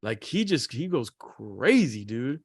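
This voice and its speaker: A man co-hosting a podcast, animated and acting out his kids' voices as he tells family stories. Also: mid-range voice, slow pace, slightly rough, no echo. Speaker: podcast co-host. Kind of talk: casual chat.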